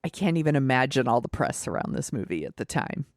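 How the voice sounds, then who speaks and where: A woman co-hosting a podcast, recapping a film plot in animated, casual chat. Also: rumbling low, fast, dry recording, studio quality. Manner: chatty, animated recapping with laughs and fillers. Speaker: podcast co-host. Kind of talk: casual movie discussion.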